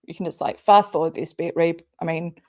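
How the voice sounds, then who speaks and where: A woman's voice: lowish voice, fairly even intonation, a little fast, warm tone. A woman hosting a live commentary stream, reading out tweets and ranting back at them with angry, sweary sarcasm. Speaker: commentary channel host.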